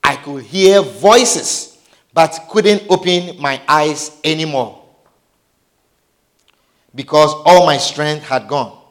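A man telling a dramatic personal testimony, his delivery swinging between hushed and shouted. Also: fairly high pitch, takes it slowly, pauses often.

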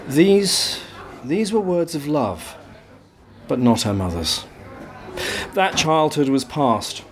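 A man introducing and reading a fairy-tale retelling aloud, in a measured, lyrical way. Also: fairly high pitch, animated. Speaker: reader.

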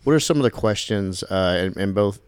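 A man co-hosting a podcast, asking questions in a halting, reflective way. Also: on the low side, expressive, clear, resonant tone, no echo. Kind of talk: podcast interview.

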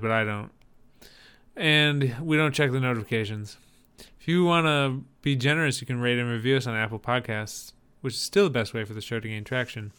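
A male podcast host chatting casually in a wry, upbeat way. His voice is markedly clear and smooth, at a middle pitch. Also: fairly bright tone.

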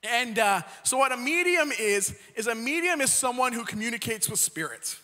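A young preacher tells the story in a chatty, joking way and keeps tossing in "right?" to the crowd. His voice is very high and bright. A long hall reverb trails after every phrase. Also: sing-song, normal speed. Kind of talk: casual sermon storytelling.

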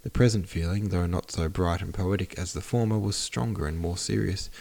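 Deep-voiced male narrator for a classic novel, measured and expressive. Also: creaky. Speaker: audiobook narrator.

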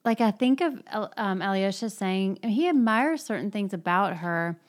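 A woman's voice: medium pitch, animated, normal speed. Woman retelling a novel's scenes. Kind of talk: casual book discussion.

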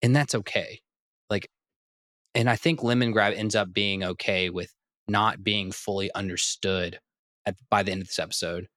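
Male podcast co-host, low voice, dry close mic, lively with restarts. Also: normal speed, no echo. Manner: animated, stumbling restarts, laughs often. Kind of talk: casual podcast chat.

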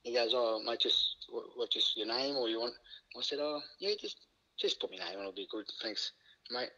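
Bright-voiced Australian man telling stories. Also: mid-range voice, normal speed, lo-fi sound. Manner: lively anecdotes, laughs often, swears casually. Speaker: guest, former rugby league player. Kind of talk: casual storytelling chat.

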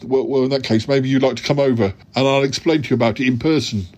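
A man's voice: mid-range voice, fairly even intonation, fast, darkish tone, lightly acted. Man doing a stammering yeti uncle. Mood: evasive. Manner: stammering, repeats words. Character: stammering male yeti uncle, attention-seeking.

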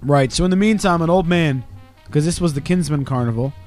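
A young man holds the mic on a rowdy podcast, spinning a story peppered with profanity and mimicked dialogue. His voice sits a little high for a man. Faint music plays underneath. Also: fairly quick. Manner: profane, animated storytelling with acted quotes. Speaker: podcast co-host. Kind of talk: casual storytelling chat.

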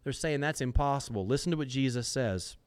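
A man's voice: mid-range voice, clean tone. A man teaching scripture on his podcast in a sermon style, asking rhetorical questions and answering them himself, repeating words for emphasis. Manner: repeats words while searching, slows for stress.

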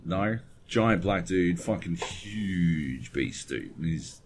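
Male podcast co-host, very low voice, profane and digressive, faint background hiss. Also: animated, drawn-out words. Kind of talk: casual chat. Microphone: webcam setup at home desk.

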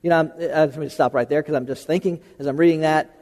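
A man's voice: fairly high pitch, steady tone, fast talker, a little mellow, in a large hall. An American man preaching a sermon in a folksy, conversational way, repeating phrases for emphasis. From United States. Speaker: pastor.

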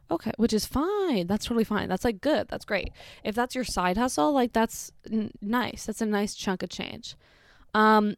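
Woman, blunt and sarcastic commentary, casual delivery, mid pitch, dry close recording. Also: no echo. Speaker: social media commentator.

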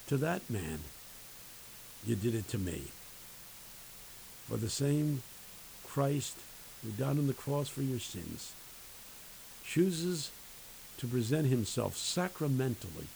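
A man who teaches at a university, preaching a sermon with emphatic, folksy storytelling and dramatic pauses. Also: medium pitch, very animated, vocal fry, a little mellow, a little hiss or hum, low-quality recording.

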